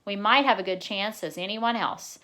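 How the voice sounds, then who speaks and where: A woman reading aloud, giving voice to a kindly old grandfather who coaxes warmly and bursts into excited near-shouts. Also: mid-range voice, moderate pace, lightly acted. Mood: earnest.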